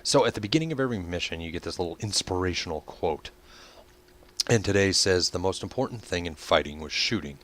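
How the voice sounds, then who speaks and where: Deep-voiced man narrating a flight game. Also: a little fast. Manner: relaxed, explains as he goes, many ums and uhs. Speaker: gameplay video host. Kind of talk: casual gameplay commentary.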